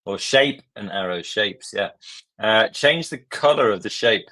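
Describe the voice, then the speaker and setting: A man's voice: fairly low pitch, expressive, unhurried, bright, forceful tone. A man from Northern Ireland leading a live online design lesson in a casual, chatty way, thinking aloud as he works. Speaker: tutor.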